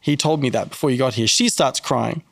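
Man, podcast guest, casual faith talk, animated storyteller, gravelly, dry close sound. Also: mid-range voice, brisk, no echo. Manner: animated, acts out quoted people in a raised voice.

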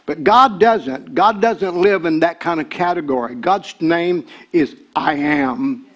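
An older man, preaching a sermon as pastor. He repeats words and builds to shouted excitement. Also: a little high, slow pace.

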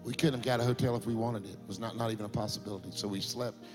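A middle-aged man, a pastor telling a story in a sermon that builds to impassioned shouting. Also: on the low side, steady tone, racing, over music.

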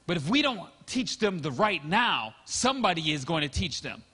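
High-voiced preaching pastor in reverberant hall. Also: male voice, sing-song, normal speed, pushed and bright, slightly rough. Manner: storytelling, acts out quotes. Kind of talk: sermon.

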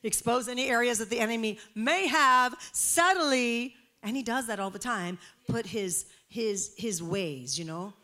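Passionate woman preacher, fairly high voice. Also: unhurried, few pauses. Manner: passionate, swings from hushed to emphatic. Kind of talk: sermon.

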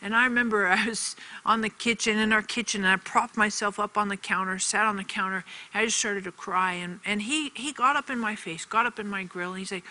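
A woman's voice: mid-range voice, brisk, hardly any pauses, bright, forceful tone, poor audio. A woman giving an earnest televised faith teaching, telling a personal story and repeating phrases for emphasis. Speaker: TV ministry teacher.

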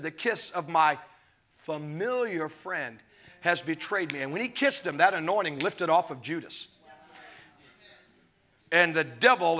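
A man preaching a sermon, with dramatic swings between loud and soft delivery, acting out the scripture quotes as he goes. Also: sits high. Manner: laughs between points. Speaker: pastor.

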